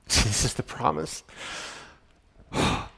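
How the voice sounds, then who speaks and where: A man preaching a sermon to his congregation in a church, emotional, swinging from loud excitement to quiet, intimate prayerfulness. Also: a little high, unhurried. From United States. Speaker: pastor. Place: church sanctuary.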